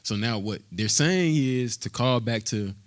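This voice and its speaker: A man's voice: mid-range voice, animated, a little slow. A man teaching a Bible study, reading scripture aloud and checking in with the group with frequent "right?", in a conversational American manner. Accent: American English. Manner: reads scripture aloud, rising in emphasis.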